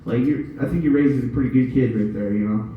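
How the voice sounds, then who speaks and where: A man's voice: medium pitch, quick pace, slight background noise. Brief: cussing stand-up man, rambling delivery, echoey and dull far-off sound. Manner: rambling, profane, loose storytelling. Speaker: stand-up comedian. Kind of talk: stand-up comedy set.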